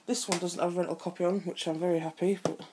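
A woman's voice: fairly low pitch, flat delivery, quick pace. A woman, chatting casually through an unboxing video and swearing freely when things go wrong. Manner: swears freely, frustrated complaints. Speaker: vlogger. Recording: loud background noise.

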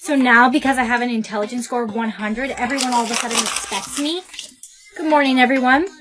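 High-pitched synthetic woman's voice. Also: steady tone, fast, fairly bright tone, poor audio. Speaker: text-to-speech storyteller. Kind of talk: text-to-speech POV skit narration.

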